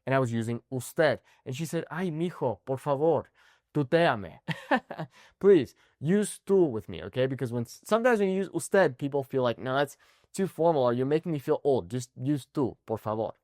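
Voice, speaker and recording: A man teaching an online language lesson, animated and often checking in with "okay?". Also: mid-range voice, dry recording, studio quality. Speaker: Spanish teacher.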